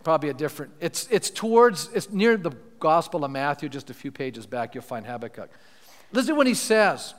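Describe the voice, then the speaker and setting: Animated male pastor preaching in a hall. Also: a little high, a little fast. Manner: animated, questions the congregation, reads and paraphrases scripture. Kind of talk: sermon. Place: church sanctuary. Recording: church hall with long reverb.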